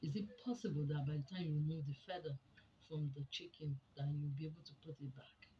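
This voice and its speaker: A woman giving a teaching talk to an audience, deliberate and emphatic, often asking rhetorical questions. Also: low voice, fairly even intonation, dull audio, slight background noise. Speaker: speaker on a women's program.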